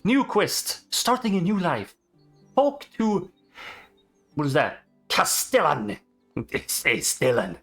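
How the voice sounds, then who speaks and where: A man streaming a video game, with a slightly high voice that jumps around a lot. He swears freely and cheerfully calls out to the animals he runs into. Faint game music sits underneath. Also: slow. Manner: excitable, swears, talks to animals. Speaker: gaming streamer. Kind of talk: casual gameplay commentary.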